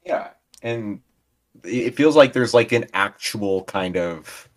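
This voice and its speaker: A man's voice: on the low side, expressive, slow. A man co-hosting a podcast in casual chat, jokey and playful, always doing bits. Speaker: podcast co-host.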